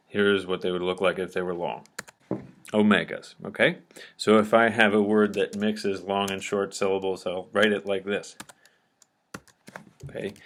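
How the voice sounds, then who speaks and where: Male teacher, lowish voice, patient step-by-step lecture, light typing behind. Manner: patient, step-by-step explaining with frequent "okay?" checks. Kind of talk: recorded grammar lecture.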